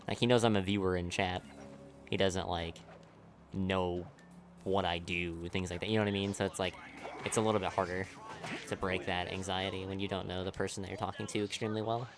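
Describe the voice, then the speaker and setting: A young man with a lowish voice chats casually to his stream while he plays, rambling and leaning on "like" in nearly every phrase. He swears freely and laughs at his own stories. Faint game music sits quietly behind him. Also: little pitch movement, brisk. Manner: rambling, leans heavily on "like", laughs often, swears. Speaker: speedrunner streamer.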